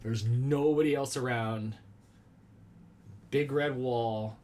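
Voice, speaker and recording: A man chats on a live stream from a small room at home. His voice sits at an ordinary middle pitch. He rambles playfully, answers his viewers and makes jokes about himself. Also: fairly even intonation, slow, a little mellow. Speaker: vlogger hosting a live stream. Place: small room at home with a red wall and lava lamps.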